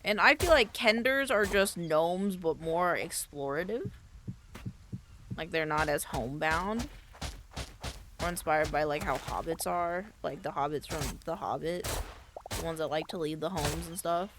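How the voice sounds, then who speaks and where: A young woman streamer chatting casually while gaming, rambling playfully and thinking out loud. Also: sits low, expressive, a little slow, noisy background.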